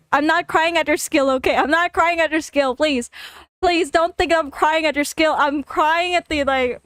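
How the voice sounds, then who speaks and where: A high-pitched woman streamer chats casually and breaks into giggles often, repeating herself as she reacts. Her voice is close and dry, with no room sound around it. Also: no echo. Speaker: vtuber streamer. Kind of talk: casual livestream reading and commenting.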